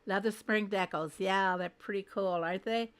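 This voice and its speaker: A woman's voice: mid-range voice, fairly even intonation, normal speed, clean tone. A woman hosting a casual game livestream, greeting viewers one by one by name and thinking aloud as she adjusts her screen. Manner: thinks aloud while fiddling with settings.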